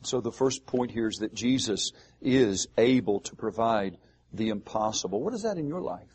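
Husky-voiced man preaching a sermon. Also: on the low side, expressive, darkish tone. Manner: preaching with rhetorical questions and emphatic pauses. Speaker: pastor.

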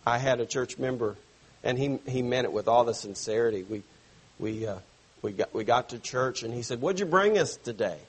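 A man preaching a sermon to his church, stressing phrases slowly and dropping suddenly soft. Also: medium pitch, steady tone, slightly rough. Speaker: pastor.

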